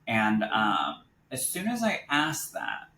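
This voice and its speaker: Young male interview guest, bright and animated storyteller, quotes others in character; roomy recording. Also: on the low side, slow. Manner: animated, quotes others in lively voices, laughs easily. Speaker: psychic medium guest. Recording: echoey room with faint noise.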